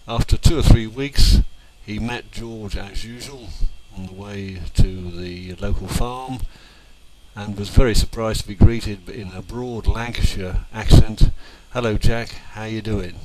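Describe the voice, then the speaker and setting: A man in his sixties, from England, narrating old family home movies in an unhurried, reminiscing way with fillers and small restarts. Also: fairly low pitch, crowd noise, low-quality recording. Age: 60s.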